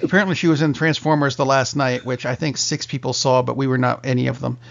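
A middle-aged man hosting a casual podcast chat, slow and wry as he leads into each topic. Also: medium pitch, steady tone, creaky. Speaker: podcast host. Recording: slightly dull lo-fi sound.

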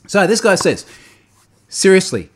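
A man's voice: mid-range voice, sing-song, moderate pace, slight background noise. A man, a podcast host animatedly recounting a story in casual chat, often repeating words and laughing.

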